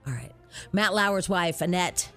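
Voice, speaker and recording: A woman co-hosting a talk show, chatting casually and telling celebrity gossip in an animated storytelling way. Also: on the low side, measured pace, soft background music.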